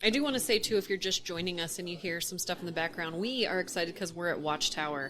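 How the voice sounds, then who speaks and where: A woman's voice: on the low side, fast talker, pushed and bright, slight background noise. A woman co-hosting a podcast in a coffee and comic shop, chatting in a playful, giggly way. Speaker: podcast co-host. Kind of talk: casual chat. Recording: busy café crowd behind.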